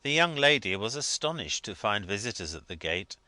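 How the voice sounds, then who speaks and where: A man narrating a classic novel as an audiobook, in measured, expressive storytelling. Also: fairly low pitch, dry recording.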